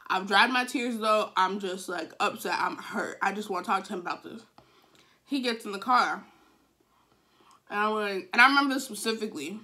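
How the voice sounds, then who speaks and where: A young woman in her twenties vlogging a casual storytime, frank and profane, with sudden dramatic outbursts. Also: medium pitch. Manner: dramatic, animated retelling with sudden wailing outbursts.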